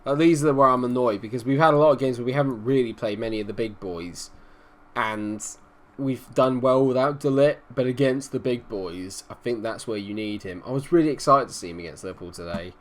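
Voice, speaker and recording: A young man commentating on his football management game, casual and frustrated, muttering low, then shouting when his team scores. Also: brisk. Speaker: gaming commentator.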